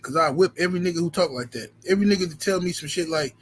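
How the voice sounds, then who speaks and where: A man talking casually on a livestream, swearing freely as he rambles from one riff to the next. His voice sits a little higher than most men's, and a faint hiss runs underneath it. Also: rapid-fire, few pauses. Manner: profane, rambling, animated storytelling. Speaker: livestream host reading super chats.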